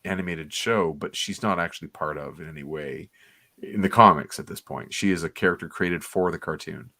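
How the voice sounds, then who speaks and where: Low, brisk and sharp in tone, this comics podcast co-host speaks with no echo. On a livestream, he offers rambling, nostalgic, enthusiastic commentary about an old cartoon.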